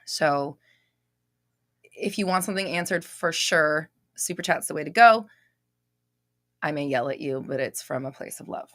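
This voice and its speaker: This young live-stream host's voice sits low as she reads out comments at a moderate pace with long pauses, staying loud and expressive, laughing often and swearing casually. The recording is studio quality with no room sound.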